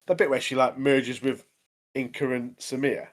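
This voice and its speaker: A man co-hosting a casual anime podcast, retelling scenes in an animated, chatty way. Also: medium pitch, moderate pace. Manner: chatty, says "mate" constantly, animated retelling. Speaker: podcast co-host. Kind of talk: casual anime review chat.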